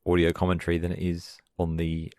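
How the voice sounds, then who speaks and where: Man on a podcast, very low voice, easygoing, dry sound. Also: completely flat delivery, a little fast, darkish tone, no echo. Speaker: podcast co-host. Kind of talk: casual podcast chat.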